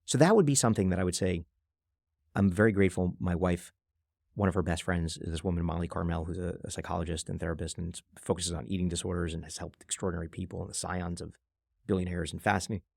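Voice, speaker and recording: A deep-voiced man with a gravelly edge talks at a brisk clip in a podcast interview. He tells stories with energy and slips into quoted voices along the way. The sound is dry and close. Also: no room sound. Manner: fast, animated storyteller who acts out quotes. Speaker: guest, venture investor.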